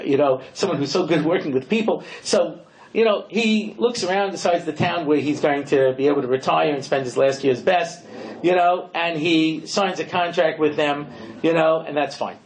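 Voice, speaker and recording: A man's voice: on the high side, rough recording. A man lecturing as a rabbi, telling a story in a conversational way and often saying "you know". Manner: animated storyteller, quickly acting out characters' lines.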